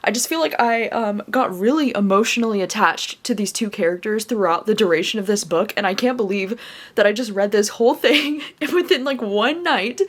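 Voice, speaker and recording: A woman's voice: mid-range voice, moderate pace. Chatty woman gushing about books. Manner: chatty, filler-heavy, gushing. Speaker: book vlogger. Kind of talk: casual reading vlog.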